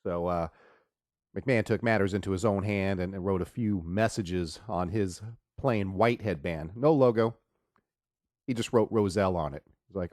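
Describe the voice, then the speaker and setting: A man hosting a podcast, casually rambling through joking sports stories after a loud, drawn-out opening. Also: sits low, no echo, clean studio sound. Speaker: podcast host.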